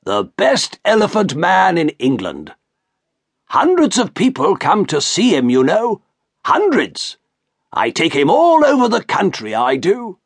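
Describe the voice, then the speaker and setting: A man's voice: high-pitched, wildly swooping pitch, a little slow, breathy edge, no echo, pitched above the performer's own voice, heavily acted. A man reading an audiobook, voicing an obsequious male shopkeeper who keeps calling his customer sir. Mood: fawning. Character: fawning, pushy male showman shopkeeper. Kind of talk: audiobook character voice.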